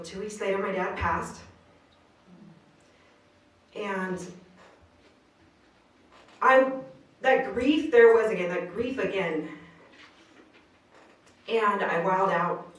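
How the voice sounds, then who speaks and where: A woman's voice: medium pitch, takes it slowly, long pauses, a bit bright. A woman giving an earnest inspirational speech at a live venue, telling her story in casual slang. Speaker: motivational speaker. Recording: roomy distant live recording.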